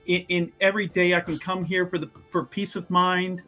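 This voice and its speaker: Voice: medium pitch, little pitch movement, normal speed, pushed and bright, faint music behind, lightly acted. A tabletop player voicing a pathetic male rogue who fakes innocent piety, whining, pleading and stammering. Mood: relieved. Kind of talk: tabletop role-play.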